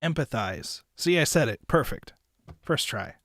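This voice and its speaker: A man's voice: mid-range voice, moderate pace, no echo. Chatty young man, dry sound. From United States. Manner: loose and chatty, heavy on "like", swears freely. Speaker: anime reviewer and streamer. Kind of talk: casual rambling tier-list commentary.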